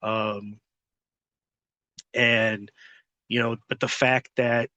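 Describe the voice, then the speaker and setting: Male host, bright forceful voice, blunt and cursing a lot, dry close sound. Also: medium pitch, level tone, extremely slow, no room sound, lo-fi sound. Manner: blunt and heavily profane. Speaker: podcast host. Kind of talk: casual interview storytelling.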